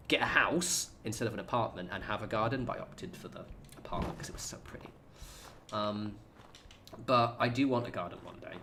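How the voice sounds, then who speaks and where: A man's voice: on the low side, noisy background. Chatty man rambling while streaming. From United Kingdom. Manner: chatty, rambling, swears casually. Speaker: livestreamer. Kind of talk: casual gaming livestream chat. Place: home apartment.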